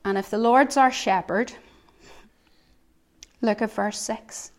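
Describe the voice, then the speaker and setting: A woman giving a devotional sermon, earnest, swinging between soft reflective lines and emphatic ones. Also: fairly high pitch, slow. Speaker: preacher.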